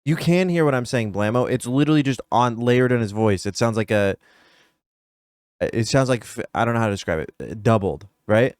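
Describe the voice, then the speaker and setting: A man's voice: medium pitch, fairly quick, no room sound, clean studio sound. A man streaming a casual reaction to a video, nitpicky and emphatic as he talks straight to his viewers.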